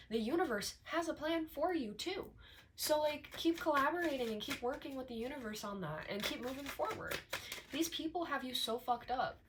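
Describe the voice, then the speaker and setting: A woman's voice: fairly high pitch, a little hiss or hum. A woman giving a casual tarot reading to her viewers, talking emphatically with lots of repetition, fillers and profanity. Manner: conversational with many fillers like "like" and "right". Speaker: tarot reader.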